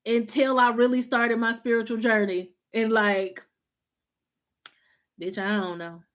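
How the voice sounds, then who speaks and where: A woman with a Southern country drawl talks casually to viewers on a live stream. Her voice sits a little high, and her delivery is loose and slangy, with laughs scattered through it. She grew up in Los Angeles, yet the drawl comes through thick. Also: level tone, unhurried. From Los Angeles, USA. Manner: chatty and informal, slangy, laughs often. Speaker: host of a spiritual live stream.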